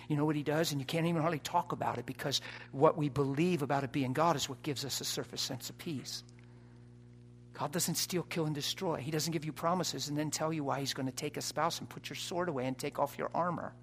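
A man preaching an impassioned sermon, dropping to a hush and rising to shouts. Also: fairly high pitch, a little fast, slight background noise. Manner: impassioned, swings from hushed to shouting.

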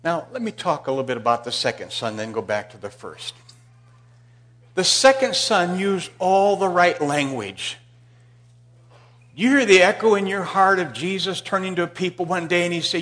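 A male pastor preaching a sermon in a church, telling a Bible story and swinging from loud emphasis to hushed asides. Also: high voice, expressive, normal speed.

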